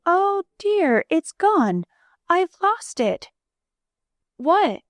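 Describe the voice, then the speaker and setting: A woman voicing a worried young aunt in a storybook, speaking in high, fretful exclamations. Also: lively intonation, a little slow, no echo, clean studio sound. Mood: distressed.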